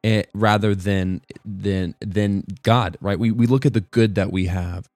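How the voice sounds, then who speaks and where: Low-voiced man rambling about worship. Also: steady tone, unhurried, a little mellow, dry recording, studio quality. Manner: rambling, self-correcting, keeps asking "right?". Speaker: worship music commentator. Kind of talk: casual devotional talk.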